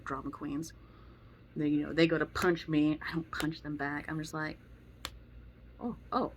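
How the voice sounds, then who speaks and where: A woman's voice: low-pitched, little pitch movement, moderate pace, slight background noise. A young woman giving blunt, opinionated advice about dogs and kids in a casual monologue. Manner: blunt, opinionated, acts out quoted voices. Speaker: dog trainer vlogger.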